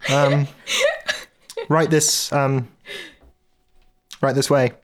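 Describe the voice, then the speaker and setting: A man voicing a perfectly round, bald, unblinking male security chief in a tabletop role-play, speaking slowly and flatly. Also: medium pitch, pitched above the performer's own voice. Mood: deadpan. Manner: slow, flat, eerily polite.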